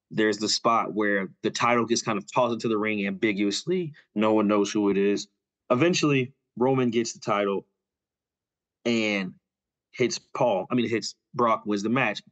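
Low-voiced man retelling a storyline, lo-fi. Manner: loose, filler-heavy retelling with quick quoted asides. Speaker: podcast co-host. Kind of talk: casual storytelling about wrestling storylines. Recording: dull lo-fi audio.

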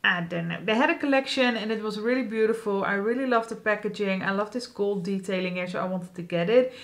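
A woman's voice: mid-range voice, fast. A young woman vlogging about her makeup, chatty and self-deprecating, often laughing and restarting her sentences. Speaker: beauty vlogger. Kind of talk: casual chat.

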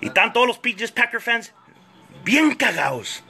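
A man gives a profane comedic rant, switching quickly between two languages. His voice is high for a man, very bright and sharp, with a husky, rough edge. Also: big pitch swings, faint music behind. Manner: profane, fast code-switching ranting.

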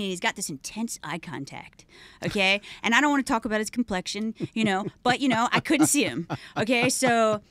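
A woman guest on a podcast, telling a story in a casual, animated way and acting out the voices of the people in it. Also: on the high side, fairly quick, dry recording. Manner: animated, acts out quoted voices. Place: podcast studio.

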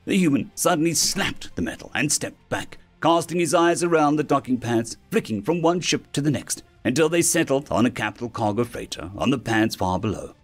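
A man narrating a science-fiction story in an expressive storytelling manner. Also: mid-range voice, fairly quick, few pauses, soft background music. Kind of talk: scripted sci-fi story narration.

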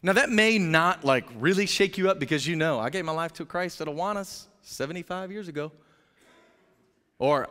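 A man preaching a sermon as pastor, telling a story in an energetic, jokey way and acting out the characters' voices. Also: on the high side, moderate pace, clean tone. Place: church sanctuary. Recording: long hall reverb.

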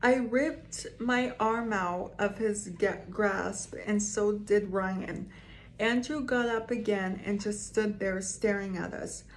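A woman's voice: mid-range voice, a little hiss or hum. Woman reading spooky stories to her audience, taking her time, with small reactions between lines. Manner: slow, reads aloud with asides and reactions. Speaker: storyteller reading creepy stories. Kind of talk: casual reading of scary stories to viewers.

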